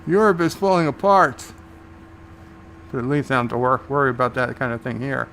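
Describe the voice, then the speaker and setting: A man's voice: mid-range voice, brisk, a bit bright. Brief: male host, laid-back watch-along commentary, mid-range voice, faint background hiss. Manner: casual, recaps scenes and paraphrases lines. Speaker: show host and reviewer.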